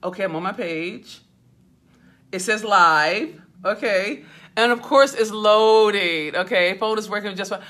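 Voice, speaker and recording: A woman's voice: medium pitch, a little slow, fairly bright tone. A woman business mentor hosting a casual livestream, fussing and laughing as she talks to viewers by name over a handheld phone. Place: hotel suite. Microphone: phone held at arm's length.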